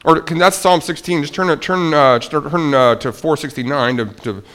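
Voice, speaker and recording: A man preaching a sermon to a congregation, swinging between soft, hushed lines and loud, emphatic ones. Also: on the high side, normal speed. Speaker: pastor.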